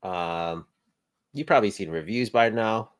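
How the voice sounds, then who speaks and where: A man's voice: fairly low pitch, a little slow, smooth. A man co-hosting a casual chat, laid-back and blunt, teasing his co-host. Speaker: co-host of a toy show.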